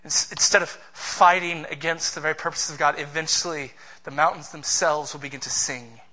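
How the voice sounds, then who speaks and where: A man's voice: a little high, steady tone, normal speed, sharp tone. A man preaching a sermon as pastor, in an emphatic, passionate way.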